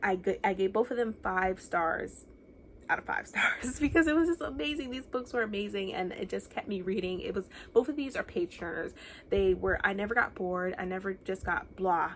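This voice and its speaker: A woman's voice: medium pitch, normal speed, a little hiss or hum. A young woman from the United States chatting casually about books she loved, gushing and enthusiastic with many restarts. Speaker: book reviewer. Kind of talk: casual book wrap-up chat.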